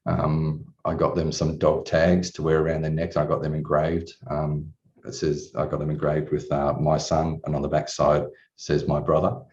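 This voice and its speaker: With an extremely low, slightly mellow voice and a completely flat delivery at normal speed, a man gives a client testimonial. He relates his story candidly, earnestly and emotionally, cursing casually and restarting a lot. The recording has dull lo-fi sound from a distant mic.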